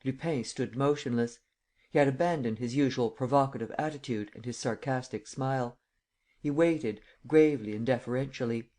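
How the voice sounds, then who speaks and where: A man narrating a classic novel in a measured, steady way. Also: mid-range voice. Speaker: audiobook narrator. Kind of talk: scripted narration.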